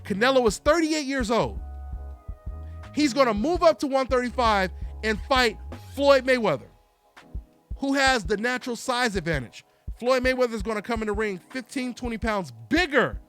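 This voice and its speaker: A man hosting a solo live call-in boxing talk show, animated and taunting, calling out listeners over and over. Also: very high voice, moderate pace, long pauses, faint music behind. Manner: animated, taunting, repeats himself.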